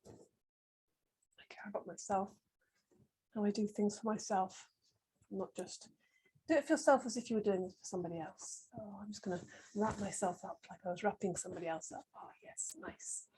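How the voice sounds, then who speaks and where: A middle-aged woman guiding a slow floor-based yoga class, giving gentle, soothing breathing and movement cues with many pauses. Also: mid-range voice, breathy edge, poor audio. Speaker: yoga teacher. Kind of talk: guided yoga class instruction.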